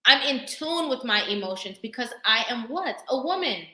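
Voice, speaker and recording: Sassy, animated woman vlogger, echoey room. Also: on the high side, moderate pace. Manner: animated, sassy, laughs often. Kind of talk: casual talk to camera.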